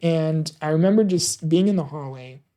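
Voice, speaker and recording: A man telling a personal story in an earnest, emotional way, often halting, repeating and restarting words. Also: fairly high pitch, dark tone, clean tone. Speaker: podcaster telling his own story.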